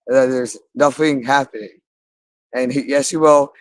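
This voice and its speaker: A man speaking in a rambling, halting monologue, repeating phrases again and again. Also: mid-range voice, fairly even intonation, no room sound, poor audio. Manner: halting, with frequent restarts.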